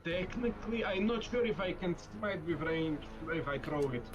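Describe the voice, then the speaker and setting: A man's voice: high-pitched, animated, normal speed, highs cut off, noisy background. A man playing in a tabletop game, chatting casually and swearing bluntly. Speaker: player.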